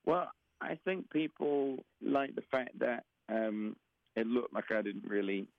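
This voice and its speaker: Deadpan man with a Southeast London accent. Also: mid-range voice, unhurried, gravelly, dry recording, phone-quality sound. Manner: dry, deadpan humor. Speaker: guest performer. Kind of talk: casual interview chat.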